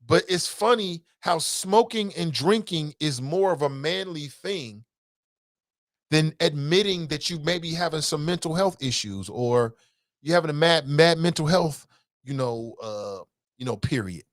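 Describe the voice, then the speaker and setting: Blunt, animated man hosting a talk show. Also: a little high, unhurried, dry recording, studio quality. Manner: reads out listener comments and riffs on them; blunt, animated, swears freely. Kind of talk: casual call-in talk show commentary.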